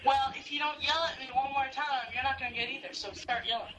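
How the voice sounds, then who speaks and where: A man with a high voice, taunting and mocking in a sneering tone. He sounds far from the mic, with clear hiss and room noise behind him on the call. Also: steady tone, fast talker, pushed and bright. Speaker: prank caller. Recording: distant voice-chat audio with noise.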